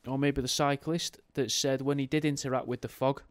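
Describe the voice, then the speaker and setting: A man's voice: mid-range voice, little pitch movement, a little fast. A man hosting a podcast in a casual, rambling, jokey way, often correcting himself mid-sentence. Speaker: podcast host.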